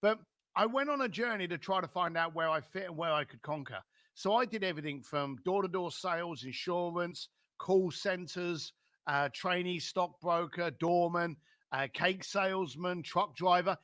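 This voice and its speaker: High, bright-voiced London man telling stories. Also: moderate pace, dry recording, clean studio sound. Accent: London English. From London, England. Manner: animated storyteller who acts out other people's lines. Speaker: guest. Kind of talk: storytelling in a podcast interview.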